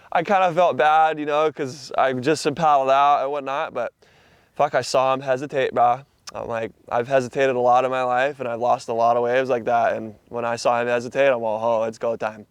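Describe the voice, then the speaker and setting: A man's voice: medium pitch, little pitch movement, fairly quick, a little hiss or hum. A young man from Hawaii, a surfer telling a story in a casual interview with laid-back slang and a lot of swearing.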